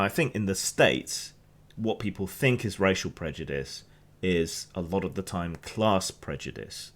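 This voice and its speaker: Host: Hampshire man, very low voice, loose rambling news commentary, lots of restarts. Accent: Hampshire English. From England. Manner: rambling, restarts often, opinionated.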